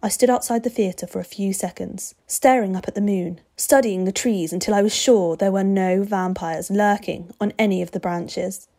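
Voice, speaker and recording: A woman narrating a story aloud with expressive, steady delivery. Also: medium pitch, normal speed, few pauses.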